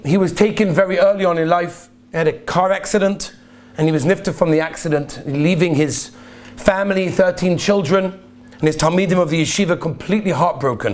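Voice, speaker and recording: Male rabbi, sermon storyteller, earnest and emphatic, slightly high pitch. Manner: earnest, emphatic, repeats key phrases. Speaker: rabbi giving a talk.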